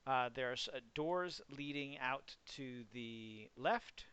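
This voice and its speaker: Smooth-voiced casual game master. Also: male voice, medium pitch, takes it slowly, a bit bright. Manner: casual, loose, many fillers. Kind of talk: narrating a tabletop game online.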